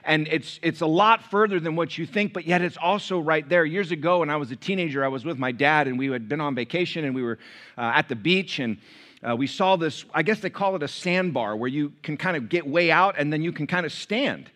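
A man's voice: on the high side, a little fast, fairly bright tone. A middle-aged man preaching a sermon as pastor, telling stories with quoted dialogue and asides to the congregation.

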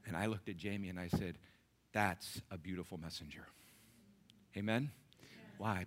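Bright-voiced preacher man telling a story. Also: fairly low pitch, normal speed, long pauses. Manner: animated, builds to loud preaching peaks. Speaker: pastor. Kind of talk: sermon storytelling.

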